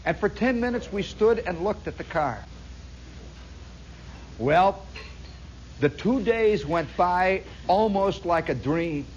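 Animated high-voiced male storyteller. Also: a little hiss or hum, rough recording. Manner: rambling, animated, full of asides. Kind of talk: spoken storytelling monologue.

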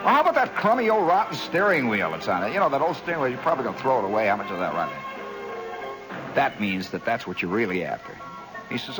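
A man's voice: fairly low pitch, sing-song, a little fast, over music, low-quality recording. A man telling a rambling story on a radio monologue, acting out scenes with little sound effects.

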